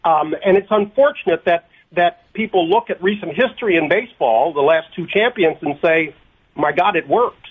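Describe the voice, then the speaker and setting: A man answering radio interview questions by phone, halting, with many ums and restarted phrases. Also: a little high, animated, slightly rough. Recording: tinny phone line.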